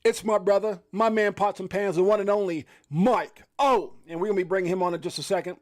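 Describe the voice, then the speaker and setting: A man hosting a casual live crypto stream, hyped and rambling, shouting out viewers and reading prices with laughs. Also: high-pitched, brisk. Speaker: livestream host.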